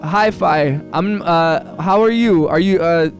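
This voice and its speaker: A man's voice: fairly high pitch, takes it slowly, few pauses. A young man from the United States producing music on a live stream, chatting casually with viewers in a slangy, joking, laid-back way and laughing often, recorded on a phone. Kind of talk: casual livestream chat.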